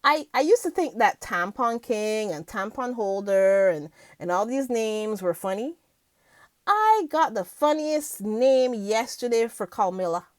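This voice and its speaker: A woman's voice: a little high, sing-song, measured pace, no echo. A woman vlogger chatting casually to her viewers about the news, giggling often and filling her talk with ums. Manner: chatty, giggly, lots of fillers.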